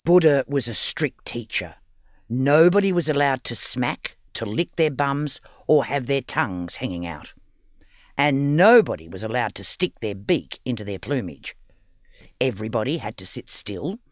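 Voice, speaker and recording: A man, a children's book author, reading his storybook aloud in a lively, expressive way. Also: mid-range voice, moderate pace, dry recording, studio quality.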